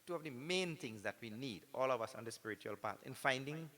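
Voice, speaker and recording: A man giving a spiritual discourse, animated and full of rhetorical tag questions like "correct or not?". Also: medium pitch, a little fast. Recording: hall reverb with faint music behind.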